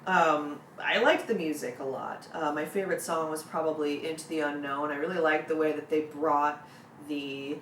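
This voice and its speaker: Brief: female film-review co-host, lowish voice, hesitant with lots of fillers, distant roomy sound. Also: fairly even intonation, moderate pace, a bit bright, slight background noise. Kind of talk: casual chat.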